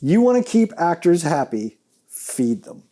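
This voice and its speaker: A man who makes low-budget films, talking casually about feeding his cast, rambling and restarting his sentences. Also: very animated, unhurried, noisy background. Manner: rambling, self-correcting, laughs easily. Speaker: indie filmmaker. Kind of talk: casual behind-the-scenes chat.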